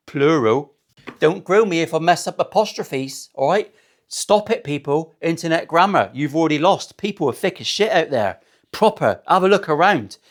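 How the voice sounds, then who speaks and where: A man building a guitar in his workshop, chatting in a cheeky, joking, sweary way full of rambling asides. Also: a little high. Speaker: luthier, guitar-building vlogger. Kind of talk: casual sweary banter while working.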